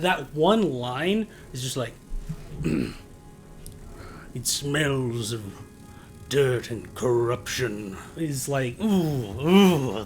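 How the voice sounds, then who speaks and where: A man streaming a game playthrough, rambling casually and reading in-game text aloud. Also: medium pitch. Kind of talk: casual let's play commentary.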